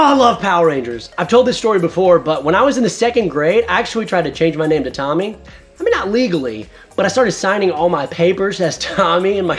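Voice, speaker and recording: A man in his thirties hosting a casual video review, talking enthusiastically. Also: high-pitched. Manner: enthusiastic, animated. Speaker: host.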